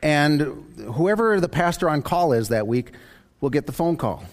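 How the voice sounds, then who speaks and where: A man's voice: fairly high pitch, expressive, a little slow. A man preaching a sermon as a pastor, in a conversational way with joking asides.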